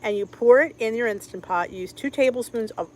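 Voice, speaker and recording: In a low-quality recording, a middle-aged Philadelphia woman who runs a cooking channel talks fairly quickly in a fairly high voice. She's streaming live from home, chatting casually and calling out viewers by name.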